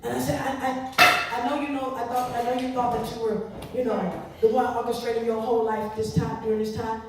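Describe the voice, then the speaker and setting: A woman telling her testimony to an audience, expressive and repeating her words as she acts out what people said. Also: a little high, brisk. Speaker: speaker giving testimony. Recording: echoey room from far off with noise.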